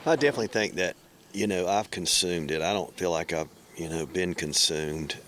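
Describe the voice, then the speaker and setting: Deep-voiced plainspoken man. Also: moderate pace, a bit bright, slight background noise. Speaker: guest, brother. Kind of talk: casual chat.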